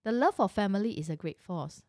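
A woman's voice: mid-range voice, animated, fairly quick, dark tone, no room sound, studio quality. A middle-aged woman telling a personal story in a casual, chatty way, full of rhetorical questions and asides.

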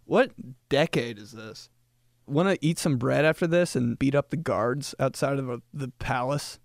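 A young man hosts a podcast, rambling through a casual comedic monologue at a moderate pace in a gravelly voice. He laughs a lot and slips into high, exaggerated voices whenever he quotes someone.

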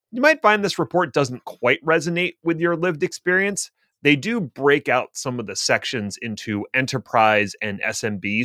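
A man's voice: medium pitch, fairly bright tone, no room sound. A man co-hosting a casual tech podcast, explaining things at length with dry, self-deprecating humor. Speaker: podcast co-host.

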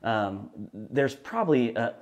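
A man hosts a talk show and asks his guest careful questions. He speaks at a middle pitch, pausing and restarting as he works out his wording. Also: very animated. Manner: halting, measured, restarts often. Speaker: host. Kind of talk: interview questions.

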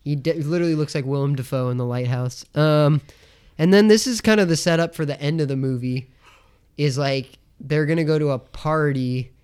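A man's voice: on the high side, normal speed, darkish tone, clear, resonant tone. A young man co-hosting a podcast in casual chat, rambling and swearing freely as he retells scenes. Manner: rambling, acts out characters' lines in silly voices, swears freely. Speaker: podcast co-host.

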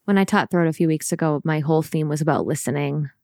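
A man co-hosting a podcast, a yoga teacher chiming in softly and agreeably during the chat. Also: a little high, fast, vocal fry, no echo, studio quality. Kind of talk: casual chat.

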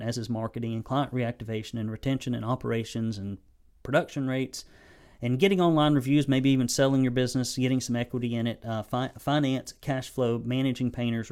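A man's voice: mid-range voice, fairly even intonation, fast, a little mellow. A man with a Southern US accent giving a blunt, folksy, sarcastic sales training talk to camera as a business coach.

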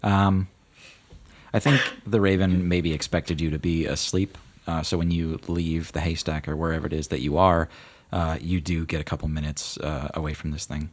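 A man narrating as game master of a tabletop game, relaxed and full of fillers. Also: a bass voice, normal speed.

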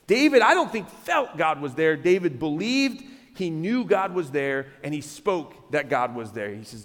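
A man's voice: fairly high pitch, expressive, moderate pace, hardly any pauses, fairly bright tone, big-room sound. A male pastor preaching a sermon in a church, emphatic, often repeating words and restarting phrases. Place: church sanctuary.

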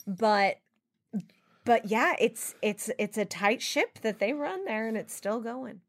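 A woman co-hosting a podcast in a studio, telling stories and trading quick quips. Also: fairly high pitch, animated. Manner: chatty storyteller, quick quips. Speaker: podcast co-host. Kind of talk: casual studio chat. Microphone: studio microphone.

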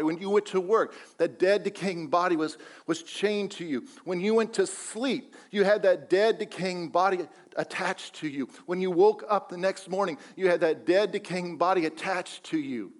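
A man's voice: high-pitched, moderate pace, few pauses. A man preaching a sermon as pastor, emphatic, repeating phrases and asking the congregation rhetorical questions.

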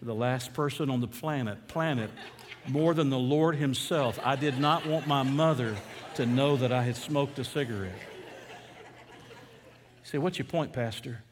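A man's voice: mid-range voice, unhurried, long reverb tail, a little hiss or hum. A middle-aged man from Atlanta, preaching a sermon as a pastor in a conversational, storytelling way with fervent emphasis. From Atlanta, USA.

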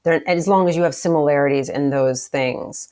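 A middle-aged woman answering podcast interview questions in a measured, thoughtful way. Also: deep voice, darkish tone. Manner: measured, thoughtful, with frequent restarts. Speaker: podcast guest, former museum CEO.

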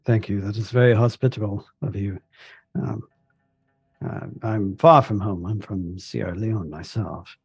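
Gravelly man playing a polite character. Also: fairly low pitch, measured pace, no echo, dull audio, soft background music. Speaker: player. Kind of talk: in-character tabletop role-play.

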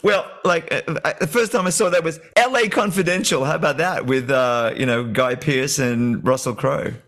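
A man chatting as a podcast guest, animated and laughing often, with plenty of restarts. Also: on the high side, moderate pace. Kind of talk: casual chat.

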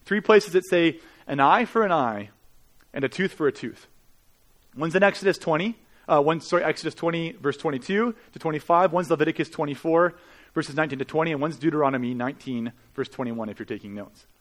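A man's voice: on the high side, brisk. A man preaching a sermon in an earnest, conversational way, with rhetorical questions to the congregation. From Canada. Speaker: pastor.

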